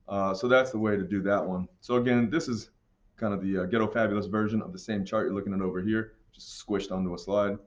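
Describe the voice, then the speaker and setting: A man's voice: on the low side, dull audio. A man teaching a history lesson in a casual, joking way, walking students through an assignment. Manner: casual, joking, puts on silly accents for countries. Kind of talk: classroom lesson walkthrough.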